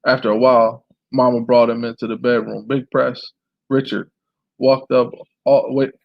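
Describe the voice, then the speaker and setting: A man reading a memoir aloud in a plain, steady way, now and then clearing his throat. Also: medium pitch, moderate pace, dry recording, lo-fi sound. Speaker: reader.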